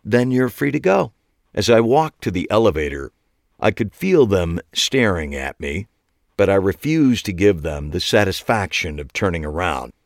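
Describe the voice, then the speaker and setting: Low-voiced, expressive male audiobook narrator. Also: moderate pace, no room sound, studio quality. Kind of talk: scripted first-person audiobook narration.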